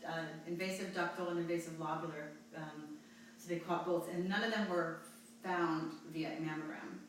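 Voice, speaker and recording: A woman from New Jersey in her forties, telling a personal story in an interview with halting, rambling speech and many fillers. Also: deep voice, steady tone, far from the mic, slight background noise. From New Jersey, USA. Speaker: interview guest. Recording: echoey room, voice from off-mic.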